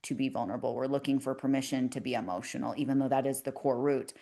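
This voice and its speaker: A woman's voice: a bass voice, steady tone, fast, dark tone. A woman hosting a podcast conversation, speaking emphatically and passionately and affirming her guest.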